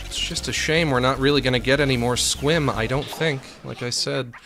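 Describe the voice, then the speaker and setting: A man streaming a game, chatting excitedly and rambling about a favourite cartoon character. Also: medium pitch, normal speed, soft background music. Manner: excitable, rambling fan talk. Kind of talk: casual gaming stream commentary.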